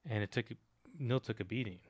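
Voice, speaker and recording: A man in an improvised comedy sketch, stating absurd claims in a deadpan, matter-of-fact way. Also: on the low side, fairly quick.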